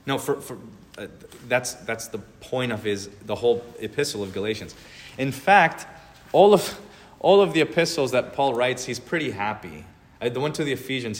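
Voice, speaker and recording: A man preaching a sermon as pastor, talking conversationally and animatedly with many filled pauses. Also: on the low side. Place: church sanctuary. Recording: long hall reverb.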